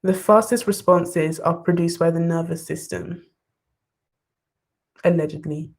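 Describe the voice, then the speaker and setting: A young woman on a live study stream, reading questions aloud and reacting with bursts of excitement as she talks to her viewers. Her voice sits a little low for a woman. She sounds like she is at her desk at home. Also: measured pace, gravelly, slightly rough. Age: young adult. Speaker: study vlogger. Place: bedroom desk, wrapped in blankets.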